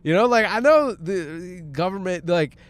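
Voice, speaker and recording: Rambling, profane comic man with a smooth voice. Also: high-pitched, lively intonation, a little slow, no echo. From Michigan. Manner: loose, profane, jokey, acts out quoted voices. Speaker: podcast host and stand-up comic. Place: in a car on the way to the gym.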